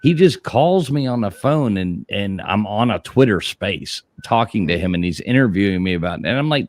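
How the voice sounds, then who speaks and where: Male stream host, lower voice, very animated storyteller, profane, dry room. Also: normal speed, hardly any pauses, no room sound. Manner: animated storytelling, swearing, laughing. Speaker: livestream host. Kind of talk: casual profane chat.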